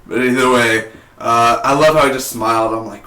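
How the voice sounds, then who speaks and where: A young man casually reviewing a TV episode, rambling and excitable, with lots of "like" and "man". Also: medium pitch, normal speed. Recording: echoey room.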